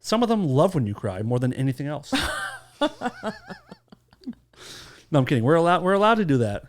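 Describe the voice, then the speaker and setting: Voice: medium pitch, very animated, normal speed, a little hiss or hum. Joking, supportive podcast co-host. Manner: joking, supportive, swears freely. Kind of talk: casual chat.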